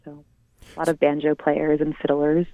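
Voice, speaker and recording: A woman's voice: low voice, dry recording. A Canadian singer-songwriter in her thirties, chatting in an interview with lots of ums and little laughs. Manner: giggly, hesitant, lots of ums. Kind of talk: casual interview. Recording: dry, phone-like narrow sound.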